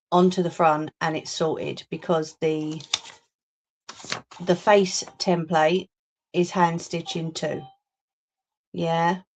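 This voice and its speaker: Slow-talking chatty woman crafter. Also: lowish voice, a little mellow. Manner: chatty, answers viewer comments aloud. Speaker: crafting livestream host. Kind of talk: casual live chat while crafting. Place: home craft room, indoors. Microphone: phone or webcam on a livestream.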